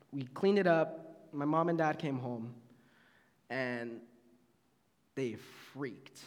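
A young man, an intern, preaching a youth sermon with an animated, laughing personal story. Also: fairly high pitch. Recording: long hall reverb.

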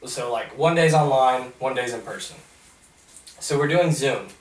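A young man on a podcast, retelling a story in a rambling, animated way. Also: medium pitch, measured pace. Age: young adult. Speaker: podcast host. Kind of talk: casual storytelling. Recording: roomy, mic at a distance.

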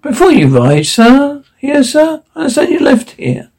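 A man's voice: high voice, lively intonation, normal speed, vocal fry, darkish tone, heavily acted. A man doing a dogged, formal alien waiter. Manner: formal, deferential, repeats 'sir'.

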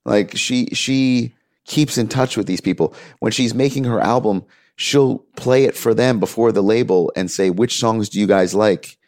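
A man's voice: medium pitch, normal speed, a little mellow, no room sound, studio quality. A man in a candid interview, telling a story earnestly and acting out quoted dialogue. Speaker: music manager, interview guest.

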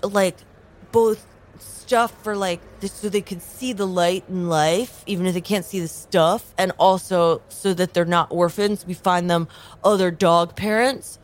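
A woman's voice: on the low side, steady tone, unhurried. A woman player improvising a laid-back character in a tabletop game, talking in a loose, filler-heavy drawl. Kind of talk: improvised in-character role-play.

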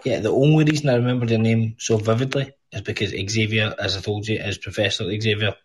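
A man's voice: lowish voice, steady tone, fairly quick, slight background noise, rough recording. A Scottish man hosting a casual podcast call, blunt and teasing, swearing freely.

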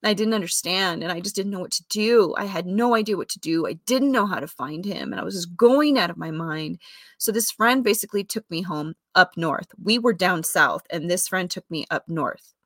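A woman candidly telling a personal story in a rambling way, often correcting herself, with fillers and soft laughs. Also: lowish voice, normal speed, no room sound, clean studio sound.

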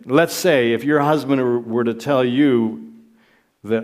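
A man's voice: medium pitch, steady tone, a little slow. A middle-aged man preaching a sermon, earnest and repeating phrases for emphasis.

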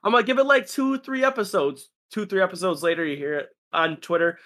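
A man's voice: high voice, fairly quick, sharp tone. A man chatting casually about anime in a laid-back, rambling way, acting out what friends said.

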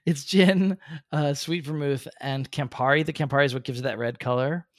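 A man's voice: fairly high pitch, normal speed, dry recording, clean studio sound. A man co-hosting a casual podcast, explaining things at length in a chatty way with many fillers. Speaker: podcast co-host.

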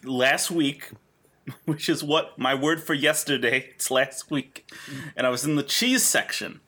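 A man's voice: mid-range voice, unhurried, pushed and bright. A man co-hosting a podcast, telling rambling stories with crude jokes. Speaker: podcast co-host. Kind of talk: casual podcast banter.

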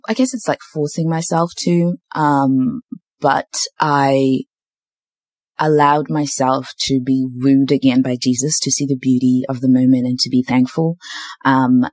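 Young aussie woman, really deep voice, dry close sound, chatty and open, lots of ums. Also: a little mellow, no room sound. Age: young adult. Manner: candid, faith-filled storytelling with lots of fillers. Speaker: podcast host. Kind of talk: casual chat.

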